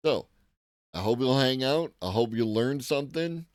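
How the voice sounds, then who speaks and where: A man's voice: mid-range voice, lively intonation, normal speed, dry recording, studio quality. A man hosting a live tech-news commentary stream, talking casually and profanely with a rambling manner while greeting chat viewers.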